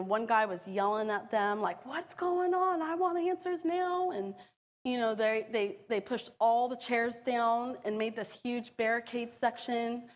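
A woman tells her own story in an earnest, emotional way. She talks about it at a middling pitch and brings it to life by acting out the voices of the people she quotes. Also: long reverb tail. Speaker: storyteller sharing a personal testimony. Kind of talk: personal storytelling.

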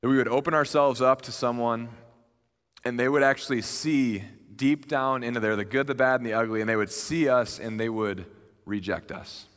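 A young man delivers a sermon in a casual, earnest voice at an average pitch. He retells the story with lively energy, and his voice rings out with the long reverb of a large hall. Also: moderate pace. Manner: conversational and earnest, animated retelling. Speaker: preacher.

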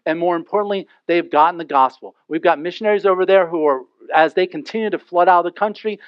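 A man with a fairly high voice preaches to his congregation and acts out little scenes with humor. The recording is dull and lo-fi, and the sound is dry and close. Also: dry recording. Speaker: pastor. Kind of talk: sermon. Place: church sanctuary.

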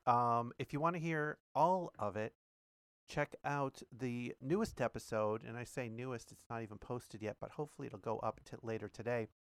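A man's voice: medium pitch, normal speed, smooth, dry recording. Chatty male podcast host, dry sound. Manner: chatty, many fillers and restarts. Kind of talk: casual spoken commentary and reading aloud.

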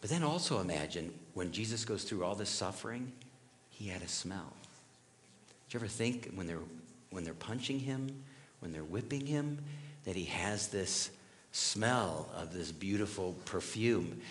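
A little slow, with a low voice and lively intonation, this middle-aged pastor preaches in a conversational, storytelling manner and asks the audience questions. A little hiss or hum runs under the recording.

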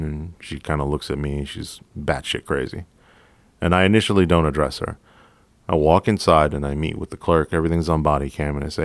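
A police officer with a very low voice recounts a call at an easy, unhurried pace, swearing casually and staying deadpan. The sound is close and dry, with no room around it. He talks like he's chatting with a colleague. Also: no echo. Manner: casual, profane, deadpan storytelling. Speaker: podcast host, police officer. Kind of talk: storytelling podcast monologue.

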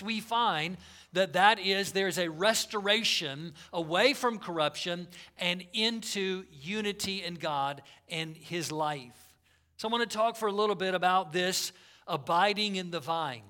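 Bright, high-voiced preaching man. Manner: earnest preaching, swings between loud emphasis and soft asides. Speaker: pastor. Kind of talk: sermon.

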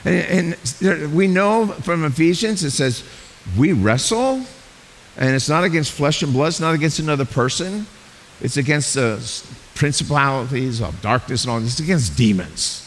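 A man preaching a sermon as a pastor, animated and acting out the voices he quotes. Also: fairly high pitch, moderate pace. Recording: long hall reverb with faint hiss.

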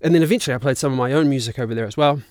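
Animated New Zealand man, 30s, casual storyteller with a mid-range voice, dry close mic. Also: medium pitch, racing, dry recording. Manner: animated, swears freely, laughs often. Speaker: guest musician and actor.

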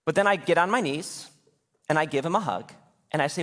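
A man in his thirties preaching a sermon in a church in a lively, conversational way with casual asides. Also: on the high side, fairly quick, long reverb tail. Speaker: pastor. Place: church sanctuary.

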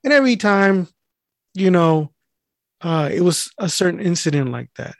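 A man tells a story in loose, casual chat, cursing often and jumping into the voices of the people he describes. His voice sits a little high. It is recorded close and dry, with no room sound. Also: animated, moderate pace, gravelly, no echo. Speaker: mail carrier telling a story.

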